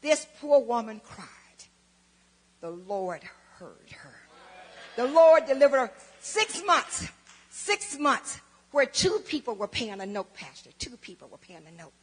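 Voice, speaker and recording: A woman's voice: sits high, sing-song, unhurried, husky. A woman, giving a church testimony and dramatically acting out both sides of conversations. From Southern United States. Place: church sanctuary. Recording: long church hall reverb.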